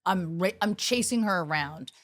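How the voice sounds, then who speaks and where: A woman's voice: fairly low pitch, normal speed, no room sound. A middle-aged woman, a comedian, telling stories in a casual podcast chat with lots of laughter. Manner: animated, laughing comic storytelling. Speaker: guest comedian.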